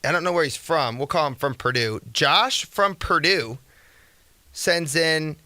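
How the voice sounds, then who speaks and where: A young man hosting a casual sports talk radio show, energetic and rambling, who slips into rhetorical rants. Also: on the high side, measured pace, dry recording.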